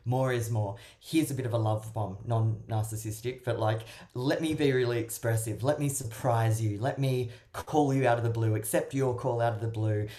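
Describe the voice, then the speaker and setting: Low, mellow-voiced woman love coach. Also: moderate pace, hardly any pauses. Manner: expressive, acts out little voices while explaining. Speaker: love coach and matchmaker guest. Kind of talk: casual podcast advice.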